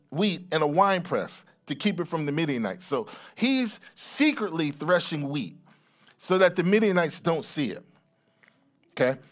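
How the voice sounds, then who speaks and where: A middle-aged man preaching a sermon as pastor, reading scripture aloud and explaining it in a conversational way, often restarting and repeating words. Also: a little high.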